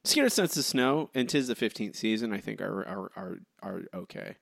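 A man chats casually as co-host, starting and restarting his thoughts. His pitch moves a lot and his voice has a gravelly edge. The sound is dry and close. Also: moderate pace, dry recording. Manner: hesitant, restarts, lively pitch. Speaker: podcast co-host. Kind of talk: casual podcast chat.

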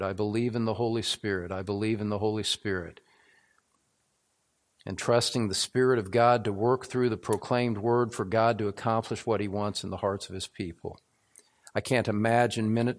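Earnest older pastor preaching. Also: male voice, lowish voice. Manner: earnest, building to emphatic repetition. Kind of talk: sermon. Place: church, evening service.

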